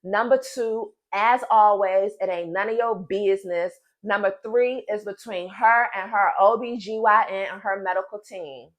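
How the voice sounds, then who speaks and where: A pregnant woman in her thirties venting to camera in a casual vlog, emphatic and animated, talking straight to her viewers. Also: mid-range voice, moderate pace, hardly any pauses. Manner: emphatic and animated, addresses viewers as "y'all" and "girl". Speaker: vlogger.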